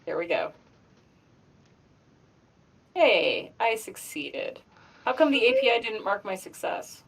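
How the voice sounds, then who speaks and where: A woman's voice: medium pitch, lively intonation, fast talker, vocal fry, breathy edge. A woman from outside Chicago, a player at a tabletop game, who chats casually and keeps restarting her sentences with a stammer.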